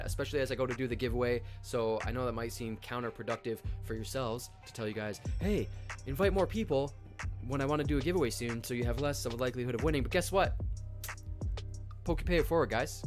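A young man from Canada hosting a live stream, chatting excitedly in slang and greeting viewers by name. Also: mid-range voice. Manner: hyped, slangy, shouts out chat viewers by name. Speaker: livestream host. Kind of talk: casual live stream chat.

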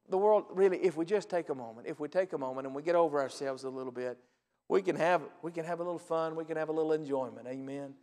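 A man in his forties, a pastor, preaching a sermon and telling stories in an animated, laughing way. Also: a little high, fast talker. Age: 40s. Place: church sanctuary. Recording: reverberant church hall.

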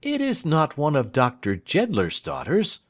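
A man's voice: fairly high pitch, huge pitch swings, measured pace, creaky, pitched above the performer's own voice, heavily acted. A man doing a shrewd, whimsical old-fashioned lawyer. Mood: alarmed. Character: shrewd whimsical male lawyer, dry and quick.

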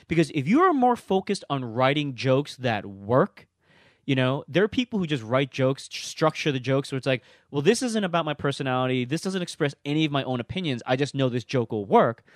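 Emphatic comedian man, lively pitch. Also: no room sound, clean studio sound. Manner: emphatic, repeats "okay?" to drive points home. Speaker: stand-up comedian giving advice. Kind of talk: casual direct-to-camera advice talk.

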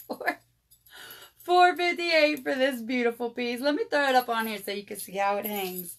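A woman's voice: a little high, normal speed, a bit bright. Chatty woman selling jewelry live. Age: 30s. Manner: chatty, addresses viewers as y'all. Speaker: jewelry seller hosting a live sale. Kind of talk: casual live sales chat.

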